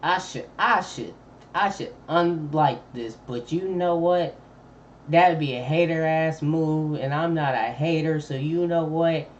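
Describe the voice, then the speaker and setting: Homme lent et décontracté en stream. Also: male voice, fairly high pitch, measured pace, slight background noise. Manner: laid-back slangy chatter, thinking aloud. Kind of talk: casual live-stream reaction commentary. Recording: dull lo-fi mic with faint ambience.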